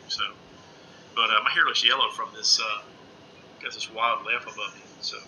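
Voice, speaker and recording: A middle-aged man chatting casually on a live stream from home, rambling excitedly and calling everyone "man" with lots of uh's. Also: medium pitch, moderate pace, long pauses, slight background noise, low-quality recording. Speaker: ghost-hunting live streamer. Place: indoors at home under a lamp.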